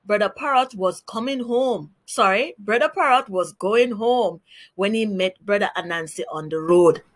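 A woman reading a children's story aloud, slow, clear and deliberate. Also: mid-range voice.

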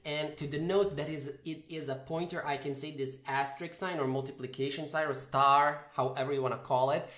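Casual man teaching code in a roomy room. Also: on the high side. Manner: casual, thinks aloud, corrects himself while typing code. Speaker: programming tutor. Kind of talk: screen-recorded coding tutorial.

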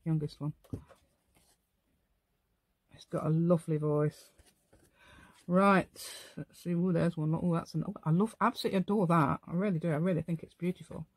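A woman's voice: fairly low pitch, steady tone, moderate pace, long pauses, dry recording. A tired, middle-aged woman hosting a casual crafting tutorial, chatting and rambling to herself as she works at home. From England. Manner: rambling, chatty, talks to herself while working. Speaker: craft channel host.

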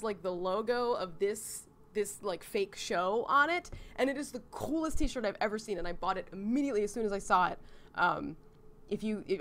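A woman streamer chatting casually and reading a visual novel aloud, excitable and full of laughs. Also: medium pitch.

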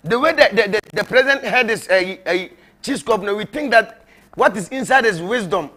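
Bright, high-voiced preacher, mocking and laughing. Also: male voice, lively intonation, a little fast. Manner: repetitive, rambling. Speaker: prophet. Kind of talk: informal sermon to viewers.

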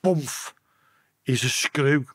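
A man with a Liverpool accent appears as a podcast guest, telling stories in a casual interview at an extremely slow pace in a slightly rough voice. He swears freely and acts out people's voices with sharp pitch swings. There's no echo.

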